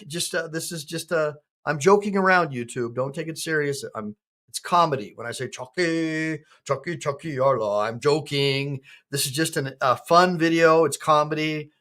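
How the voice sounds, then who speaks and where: A man's voice: a little high, fairly bright tone. A man, an attorney hosting a livestream, chatting casually in a rambling, joking and crude way.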